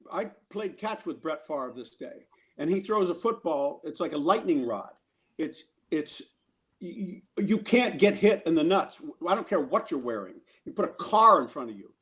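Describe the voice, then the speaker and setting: A man telling a rambling showbiz story on a talk show in a slightly high voice. He trips over his words here and there and throws himself into the voices of the people in his tale. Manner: animated storyteller who acts out other people's lines. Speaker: guest actor. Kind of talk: casual anecdote telling.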